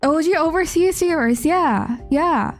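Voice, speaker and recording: A young woman chats casually with her livestream viewers. She greets people by name, rambles in a friendly way and drops giggly asides. Soft music runs quietly behind her. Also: high voice, expressive, measured pace. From Indonesia. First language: Indonesian. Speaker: VTuber streamer.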